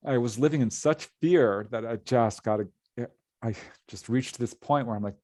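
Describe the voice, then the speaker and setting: A middle-aged man, a guest on an interview show, telling a story in an animated way and laughing often as he goes. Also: medium pitch, moderate pace, dry recording, studio quality. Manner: lively, laughs often while telling a tale. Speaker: guest, paranormal author.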